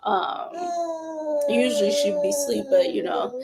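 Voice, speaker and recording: Breathless woman venting, gravelly edge. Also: high-pitched, huge pitch swings, measured pace, very noisy. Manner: candid, rambling, venting. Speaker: vlogger and mother. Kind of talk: casual chat to camera.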